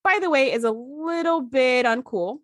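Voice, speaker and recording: A woman co-hosting a casual podcast, recapping a TV episode with animated storytelling. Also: high voice, normal speed, dry recording. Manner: animated storytelling, acting out characters' lines. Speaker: podcast co-host.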